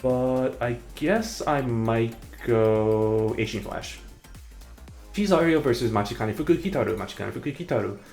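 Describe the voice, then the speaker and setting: A man's voice: medium pitch, normal speed, vocal fry, darkish tone, soft background music. A man streaming and chatting casually, rambling and hesitating as he corrects himself mid-sentence. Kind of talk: casual live-stream commentary.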